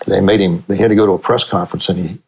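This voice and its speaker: Low-voiced older sportswriter telling stories. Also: male voice, steady tone, rapid-fire, vocal fry, darkish tone, breathy edge, poor audio. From Cincinnati, USA. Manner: rambling storyteller with frequent restarts. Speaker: sportswriter and author. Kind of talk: conversational storytelling interview.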